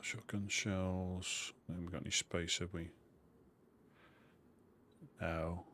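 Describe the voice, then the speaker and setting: A man's voice: deep voice, little pitch movement, takes it slowly, sharp tone, slight background noise. A man with a Suffolk accent chatting casually while streaming a game, muttering to himself as he sorts his gear. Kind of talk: casual live-stream commentary.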